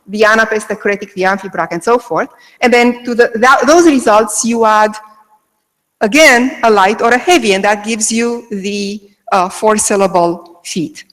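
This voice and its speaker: The audio is poor, with a long reverb tail, as a woman with a voice on the high side delivers an academic lecture on Greek meter to a remote audience. She goes step by step. She often checks in with "okay."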